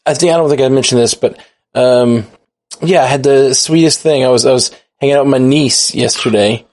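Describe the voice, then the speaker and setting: A man's voice: mid-range voice, brisk, darkish tone. A man co-hosting a podcast in casual chat, rambling and correcting himself as he talks. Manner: rambling, self-correcting, easygoing. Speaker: podcast co-host.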